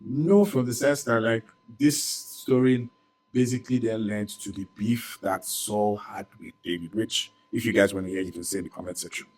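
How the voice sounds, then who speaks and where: A man with a low voice retelling a Bible story for a church audience. He keeps it loose and conversational, peppering it with "like," "right?" and little jokes. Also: fairly even intonation, normal speed, rough recording. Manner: chatty, lots of "like" and "right?", jokey asides.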